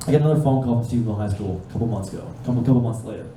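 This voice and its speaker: Young guy doing live standup, swears a lot, does voices for the phone calls, dark mellow tone, echoey room, mic kinda far off. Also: mid-range voice, rapid-fire, a little hiss or hum. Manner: animated, profane, acts out phone calls in voices. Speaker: stand-up comedian. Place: live comedy stage with audience. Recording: echoey room from a distance, faint ambience.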